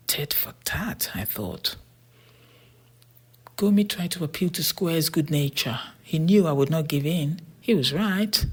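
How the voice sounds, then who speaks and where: A breathy, husky narrator reads a storybook aloud in a steady, even way. The voice often drops to a near whisper, with pitch sitting in a middle range. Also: a little slow. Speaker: audiobook narrator.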